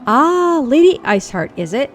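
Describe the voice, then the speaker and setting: Woman reading a formal knight leader, archaic and courtly, lively swooping voice. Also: sits high, normal speed, a little hiss or hum, voice pushed up. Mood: courteous. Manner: archaic courtly speech, dramatic exclamations.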